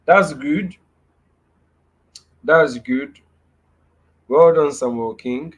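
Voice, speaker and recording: A young Nigerian man presents a live webinar lesson over a video call. His voice sits a little high, and he leans on repetition, circling back to his key phrases and checking in with the audience as he goes. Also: extremely slow. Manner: repeats key phrases for emphasis, asks "right?" often. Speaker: webinar speaker.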